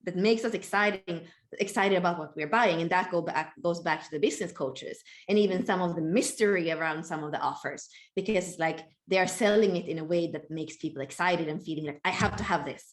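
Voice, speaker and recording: A woman's voice: fairly low pitch, fairly quick, few pauses. A woman co-hosting a casual podcast, explaining ideas steadily with frequent "like". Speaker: co-host, teacher.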